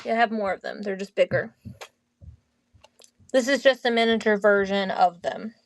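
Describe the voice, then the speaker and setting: A woman hosting a casual live-selling stream, chatty and quick to laugh while she talks about items. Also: medium pitch. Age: adult, mother of a teen. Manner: giggly, chatty, laughs often.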